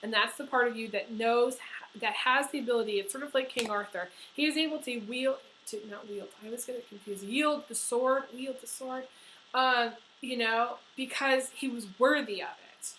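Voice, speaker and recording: A woman's voice: on the high side, normal speed, fairly bright tone, a little hiss or hum, rough recording. A woman giving a tarot horoscope reading, talking earnestly and emotionally with many fillers and restarts. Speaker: tarot reader.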